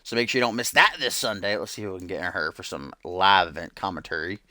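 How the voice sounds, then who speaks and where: Bright-voiced man doing game commentary. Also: low-pitched, animated, fast, no echo, clean studio sound. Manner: hype announcer delivery, loose and joking. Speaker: streamer and host. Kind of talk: mock wrestling commentary over a video game.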